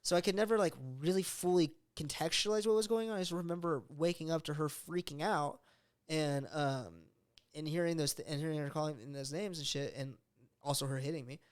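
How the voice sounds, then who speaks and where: A man's voice: on the high side, fairly even intonation, fairly quick, smooth. A man telling a story in casual chat, swearing often and acting out voices in his quotes. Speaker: podcast host.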